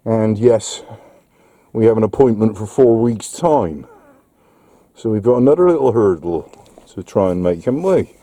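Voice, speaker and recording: A man's voice: fairly low pitch, lively intonation, normal speed, pauses often, warm tone. A man with a British accent chatting casually outdoors, muttering to himself and his dog. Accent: British English. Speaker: vlogger. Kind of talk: casual vlog talk.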